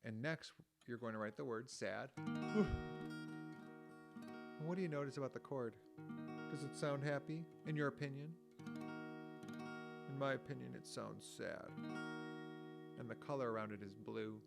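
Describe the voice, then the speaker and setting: A male music teacher gives young children a lesson on emotions with guitar chords playing beneath his voice, captured on a home recording mic. Mid-range, gravelly, and moderately paced, he gently explains each word, acts out the feelings with sighs and groans, and thinks aloud in chatty asides.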